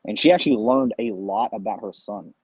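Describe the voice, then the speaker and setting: A man in casual podcast chat, talking fast and loose and swearing casually. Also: medium pitch, huge pitch swings, gravelly, a little mellow, breathy edge, dry recording, rough recording. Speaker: podcast co-host, Marine recruiter.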